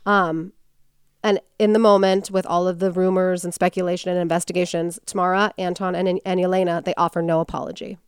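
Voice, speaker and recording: A woman's voice: on the low side, little pitch movement, brisk, clean tone, no echo, clean studio sound. A woman hosting a podcast, telling a story in casual chat and acting out quotes in character voices.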